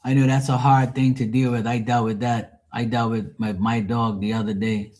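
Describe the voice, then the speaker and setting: A man's voice: mid-range voice, flat delivery, moderate pace, a little mellow. A man hosting a live tarot stream, chatting casually with viewers in a blunt, profane, rambling way. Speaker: tarot reader and livestream host. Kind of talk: casual livestream chat with viewers.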